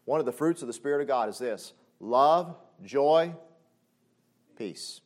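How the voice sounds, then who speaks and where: A man preaching a sermon. He talks conversationally with frequent asides and swings between loud exclamations and soft, low passages. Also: lively intonation, moderate pace. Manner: conversational, with frequent "you know what I'm saying" asides. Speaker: pastor.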